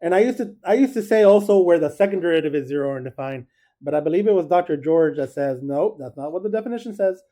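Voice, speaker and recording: Guy teaching calc, kinda high voice but mellow tone, keeps asking "cool or not cool". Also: expressive, quick pace. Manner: chatty, checks in with students. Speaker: math teacher. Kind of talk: recorded classroom lecture.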